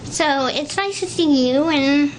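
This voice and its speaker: At home indoors, a woman records a video message for her partner, sounding affectionate and a little nervous. Her high voice moves slowly and gently. The recording is low quality, with faint background noise.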